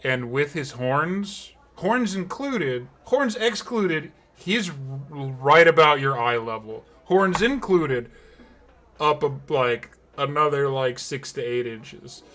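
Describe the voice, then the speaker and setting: A man's voice: medium pitch, slow pace, bright, forceful tone. A man narrating a tabletop game as game master, rambling and full of fillers and laughter.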